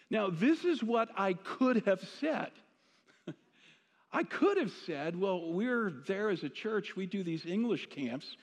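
A middle-aged male pastor giving a conversational sermon that rises to emphatic declarations. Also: high-pitched. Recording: long hall reverb.

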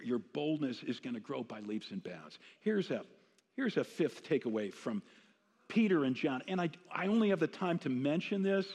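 A man's voice: a little high, darkish tone. A middle-aged male pastor giving a conversational sermon that rises to emphatic declarations. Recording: long hall reverb.

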